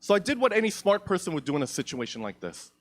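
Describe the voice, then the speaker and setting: A man's voice: high-pitched, very animated, quick pace. A young man doing stand-up comedy on a theatre stage, profane, rambling and self-mocking, into a handheld mic.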